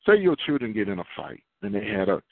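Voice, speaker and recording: A man's voice: on the low side, wildly swooping pitch, fast talker, gravelly, dry recording. A man preaching a sermon in a conversational way, asking the listeners questions and answering them himself. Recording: tinny phone-line sound, dry.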